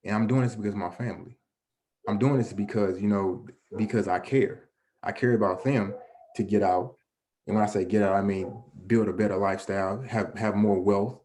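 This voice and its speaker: This guest presenter addresses a young audience with a motivational presentation, speaking at normal speed in a low, darkish voice with fairly even intonation. He's earnest and conversational, restarting often, using "you know" as filler, and asking and answering his own questions. Slight background noise is present.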